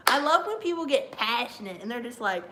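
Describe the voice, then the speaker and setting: A woman streamer chatting live during a wrestling watch-along, rambling and excitable with lots of fillers. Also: a little high, brisk, slight background noise. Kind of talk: live reaction chat.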